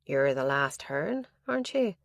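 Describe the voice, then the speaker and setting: A woman's voice: very deep voice, very animated, a little slow, gravelly, dry recording, studio quality, full character voice. A woman doing an earnest female detective. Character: earnest female police detective, careful and tactful.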